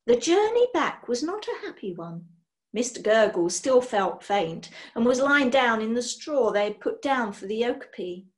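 A woman reading a children's book aloud, expressive, swinging between loud and hushed. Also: fairly high pitch, moderate pace. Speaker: storyteller.

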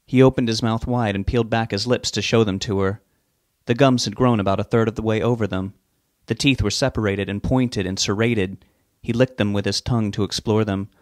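A man reading a novel aloud in a measured, steady way. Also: fairly low pitch, dry recording, clean studio sound. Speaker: narrator. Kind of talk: audiobook narration.

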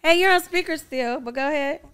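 Playful bright-voiced female guest. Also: high voice, brisk. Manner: playful, teasing. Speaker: singer, guest. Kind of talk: casual chat.

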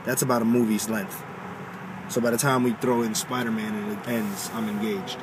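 A nervous young man records a casual video diary from a car. He talks haltingly and keeps repeating himself. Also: on the low side, level tone. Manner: hesitant, halting, with many repeats. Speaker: filmmaker recording a behind-the-scenes video. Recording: loud car and air conditioning noise.

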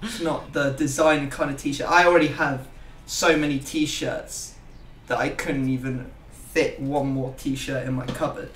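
A man's voice: mid-range voice, steady tone, unhurried, a bit bright, echoey room, distant mic, slight background noise. A young man hosting a gaming video, chatting casually and rambling with self-mocking jokes. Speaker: YouTube gaming host.

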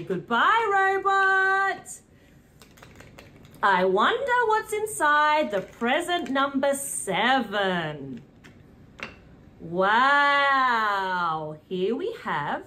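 A young woman with a British accent, presenting a preschool lesson in a slow, sing-song, animated way, with gasps and cheers. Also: on the high side. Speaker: children's presenter. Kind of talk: preschool teaching.

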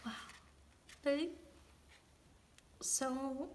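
A young woman unboxing an album in a casual vlog, gushing with delight and swinging between excited squeals and hushed whispers. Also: high voice, drawn-out words, a little hiss or hum.

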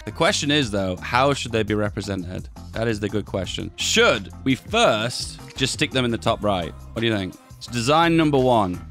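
A man's voice: lowish voice, expressive, normal speed, hardly any pauses, fairly bright tone, faint music behind. A man hosting a casual video, chatting as he edits images, often asking viewers what they think and laughing at his own jokes. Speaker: video host. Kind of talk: casual commentary while editing images.

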